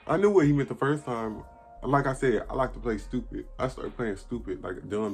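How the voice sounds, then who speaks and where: A man's voice: mid-range voice, a little fast, faint music behind. An eighteen-year-old man casually telling a story to camera, blunt and profane, acting out what people said. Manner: blunt, profane, acts out quoted dialogue. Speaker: vlogger.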